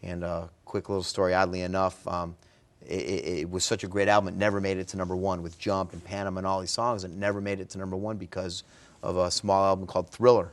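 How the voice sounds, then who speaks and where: Male guest, very low voice, easygoing storyteller with lots of ums. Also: quick pace. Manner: relaxed, filler-heavy storytelling. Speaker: guest, music fan. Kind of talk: casual interview chat.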